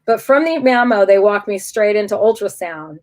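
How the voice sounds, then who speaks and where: A middle-aged woman speaking as an interview guest at an ordinary pitch. She talks candidly and with animation. She often stops and restarts her sentences as she tells her story. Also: lively intonation, moderate pace.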